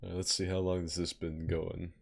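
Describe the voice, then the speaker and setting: A man's voice: deep voice, level tone, fairly quick, gravelly. A man hosting a podcast in casual chat, swearing and self-mocking, often laughing. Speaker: podcast host.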